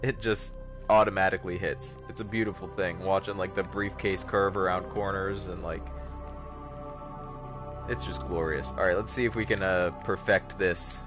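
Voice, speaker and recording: This young livestream host speaks in a low voice at normal speed while music plays in the background. Animated and joking, he comments casually on his gameplay, talks with his viewers, and yelps when something catches him off guard.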